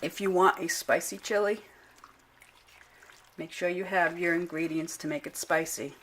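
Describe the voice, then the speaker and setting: This time the middle-aged home cook vlogger sounds lowish, steady and a bit bright, speaking at a normal speed over slight background noise. Her casual cooking demo is easygoing and unpolished, full of restarts as she stumbles on words and goes back to fix them, while pots, pans and cutlery clink faintly in the kitchen.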